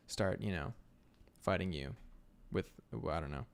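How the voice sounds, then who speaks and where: A man's voice: low voice, animated, fairly quick. A man chatting casually while he sketches on a live stream, rambling and amused by his own jokes. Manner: rambling, self-amused, thinking aloud. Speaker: illustrator livestreaming sketches.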